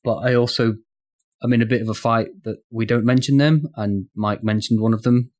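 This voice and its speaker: A man's voice: mid-range voice, fairly even intonation, brisk, a little mellow. Man, podcast co-host, chatty, teasing, casual. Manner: chatty and teasing, stumbling over words. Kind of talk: casual gaming podcast chat.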